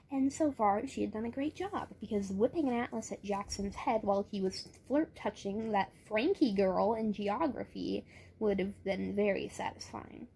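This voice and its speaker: A woman's voice: mid-range voice, gravelly, warm tone, a little hiss or hum. A young woman reading a novel aloud and commenting on it, chatty and wry, often stumbling and correcting herself. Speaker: book reader and reviewer. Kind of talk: casual read-aloud with asides.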